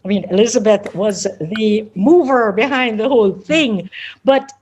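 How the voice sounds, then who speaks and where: A woman's voice: on the high side, a little slow, a little mellow, husky. A woman giving an informal, chatty thank-you speech, joking at her own expense. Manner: chatty, self-deprecating, thankful. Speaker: guest speaker.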